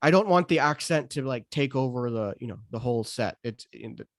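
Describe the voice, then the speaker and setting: A man's voice: medium pitch, expressive, fairly quick, no echo, studio quality. A man in his thirties from the United States, a stand-up comedian talking casually on a podcast with frequent restarts and fillers. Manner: hesitant, many restarts and fillers.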